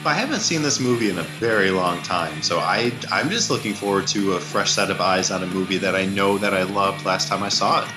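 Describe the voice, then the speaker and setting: A man's voice: low voice, fairly quick, hardly any pauses, music in the background. A man co-hosting a casual movie podcast, trading dry jokes. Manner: dry, joking banter. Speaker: podcast co-host.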